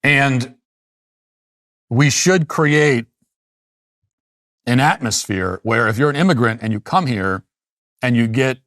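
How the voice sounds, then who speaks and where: A man's voice: medium pitch, expressive, slow, long pauses, fairly bright tone, dry recording, studio quality. A middle-aged man delivering an emphatic monologue as a commentary host, repeating and restarting phrases as he argues. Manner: emphatic, repetitive, with frequent restarts.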